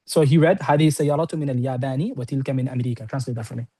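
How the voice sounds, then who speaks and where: A man teaching an Arabic lesson to a class, explaining quickly and often checking in with "right?". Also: mid-range voice, mellow, slightly rough. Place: classroom with students on-site and online.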